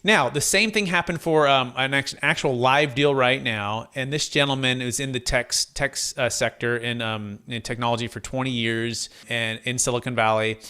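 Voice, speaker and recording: A man telling a client story in an interview, lively, acting out the voices of the people he quotes. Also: medium pitch, normal speed, hardly any pauses, smooth. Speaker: guest, tax deferral advisor.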